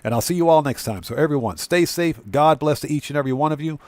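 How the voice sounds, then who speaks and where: A man's voice: on the high side, fast, a little mellow, no room sound. A man hosting a casual gaming live stream, chatting with viewers and thanking them at length. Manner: laughs easily while signing off.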